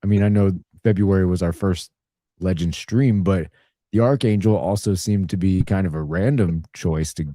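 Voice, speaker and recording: A man in casual chat on a toy livestream, speaking in a measured, slightly hesitant way. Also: deep voice, mellow, no room sound, clean studio sound. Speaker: toy collecting livestream co-host.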